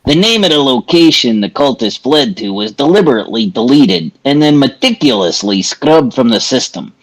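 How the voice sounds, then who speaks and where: A man's voice: mid-range voice, sing-song, moderate pace, slight background noise, rough recording. Laughing man reading game text. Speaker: player. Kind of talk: casual tabletop game chat.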